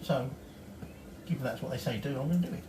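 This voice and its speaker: A man's voice: mid-range voice, fast talker, far from the mic, music in the background. A middle-aged man with a Northern English accent, chatting his way through a cooking tutorial in his home kitchen and swearing casually. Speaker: home cook. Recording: echoey kitchen from off-mic.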